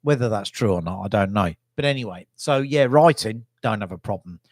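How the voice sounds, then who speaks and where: A man's voice: lowish voice, lively intonation, fairly quick, dry recording, clean studio sound. A middle-aged man from England telling stories from his youth in a casual, rambling, self-deprecating vlog monologue. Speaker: vlogger.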